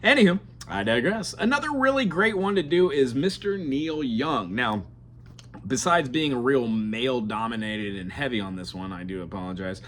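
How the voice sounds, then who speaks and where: A man's voice: medium pitch, expressive, moderate pace, slight background noise. A man teaching beginner acoustic guitar in a chatty, digressive way, now and then singing bits of songs as he plays. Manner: chatty, digressive, breaks into song while playing. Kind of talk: casual guitar lesson with sung examples. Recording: loud guitar under the voice. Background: acoustic guitar playing.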